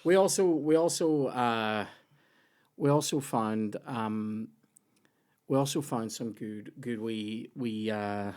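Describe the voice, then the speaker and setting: A man's voice: medium pitch, darkish tone, smooth. Sweary man hosting a comedy podcast. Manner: swearing, storytelling, quick impressions. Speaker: podcast host. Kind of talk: casual comedy podcast chat.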